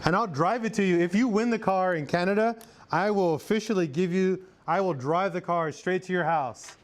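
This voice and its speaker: A man's voice: sits high, moderate pace, slight background noise. A young man from Arkansas with a Southern US accent, chatting casually as a mechanic on a live stream and answering viewers. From Arkansas, USA. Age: young adult. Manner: loose, chatty, answers chat, drawling "y'all".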